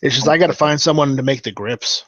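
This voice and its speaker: A man co-hosting a casual podcast chat, halting and restarting his words. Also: medium pitch, a bit bright, dry recording. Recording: dry, dull lo-fi audio.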